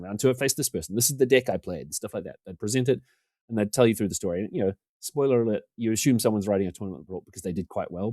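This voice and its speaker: Man, 40s, podcast guest, low voice, quick talker, self-deprecating, casual storytelling. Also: dry recording, studio quality. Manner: self-deprecating, animated when quoting others.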